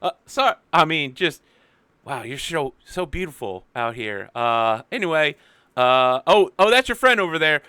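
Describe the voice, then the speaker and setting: A man's voice: a little high, sing-song, moderate pace, sharp tone, clear, resonant tone, dry recording. Tabletop game role: hulking but childlike laborer, eager and awkward, raised voice, played by a man. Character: childlike hulking half-giant crane operator man.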